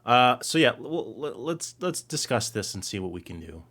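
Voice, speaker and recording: A man co-hosting a live stream, chatting casually and excitedly, reading out viewer comments and rambling. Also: medium pitch, moderate pace. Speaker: co-host.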